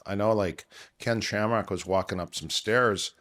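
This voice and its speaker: A middle-aged man, an MMA coach, telling long stories in a casual interview, rambling with many fillers and restarts, his voice worn from years of yelling. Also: fairly low pitch, normal speed. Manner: rambling anecdotes with many fillers and self-corrections.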